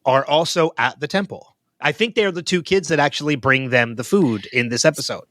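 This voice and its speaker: A man's voice: fairly high pitch, brisk, a bit bright, no room sound. A man co-hosting a podcast, chatting casually and thinking aloud with frequent ums and restarts. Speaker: podcast co-host. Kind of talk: casual chat.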